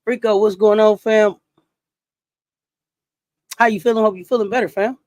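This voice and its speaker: A woman's voice: mid-range voice, moderate pace, no echo. Chatty woman hosting sports talk, dry sound. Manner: animated, chatty, shouts out viewers. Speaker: sports talk show host. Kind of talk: casual livestream commentary reading chat.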